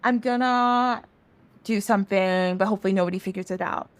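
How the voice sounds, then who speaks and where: A woman's voice: medium pitch, steady tone, a little fast, smooth, natural voice. Woman playing a shifty male trickster god. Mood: evasive. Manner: offhand, evasive, whiny. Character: mischievous male trickster god, lazy and evasive.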